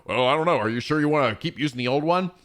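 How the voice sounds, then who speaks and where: A man's voice: on the high side, racing, a bit bright, close to an everyday voice. A man doing a hesitant, mild mechanic. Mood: doubtful.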